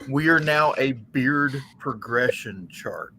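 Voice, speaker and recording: A man hosting a casual livestream chat, upbeat and busy with quick asides. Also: mid-range voice, lively intonation, a crowd in the background. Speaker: host running the stream.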